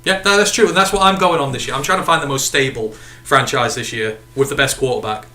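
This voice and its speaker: A man's voice: mid-range voice, fast talker, pushed and bright, roomy sound. A man from the United Kingdom co-hosting a casual sports podcast, chatting and reading out viewer comments. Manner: chatty, reads out viewer comments and sign-offs. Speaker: podcast co-host.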